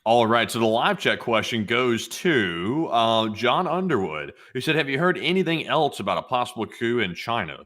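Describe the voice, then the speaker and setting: A man's voice: medium pitch, very animated, moderate pace, few pauses, a bit bright. A man co-hosting a live stream, reading out viewer donations and messages with jokey asides in a casual way.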